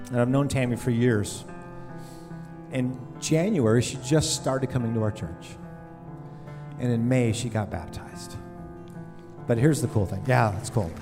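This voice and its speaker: Middle-aged man, pastor, chatty and humorous sermon delivery. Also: medium pitch. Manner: conversational, joking, storytelling.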